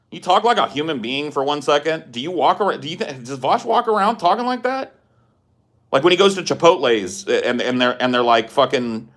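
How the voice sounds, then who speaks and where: A man's voice: medium pitch, lively intonation, fairly quick, a bit bright. A man hosting a podcast, ranting in a profane, exasperated, slangy way. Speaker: podcast host. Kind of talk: casual podcast rant.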